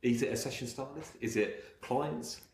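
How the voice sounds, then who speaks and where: A man hosting a casual interview, asking halting, enthusiastic questions. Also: medium pitch, a little mellow. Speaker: podcast host. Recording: echoey room with clear noise.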